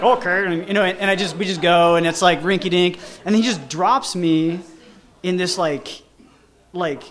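A man's voice: a little high, a bit bright. A man casually telling a personal story, rambling with lots of fillers and restarts. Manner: rambling, full of "like" and "you know" with frequent restarts.

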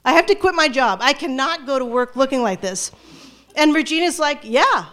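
A middle-aged woman telling a personal story to an audience, animated and self-mocking, often restarting her sentences. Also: high voice, brisk, noisy background. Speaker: storyteller, former teacher.

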